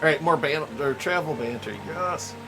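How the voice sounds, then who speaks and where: A man's voice: a little high, a little slow. A man giving casual let's-play commentary, joking and laughing often at himself. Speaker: streamer playing a game.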